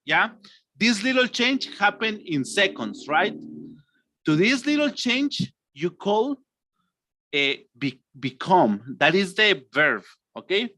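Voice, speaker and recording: Animated male English teacher, slow deliberate delivery. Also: sits high, no echo. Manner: animated, acts out emotions, stretches words slowly. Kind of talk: online English lesson.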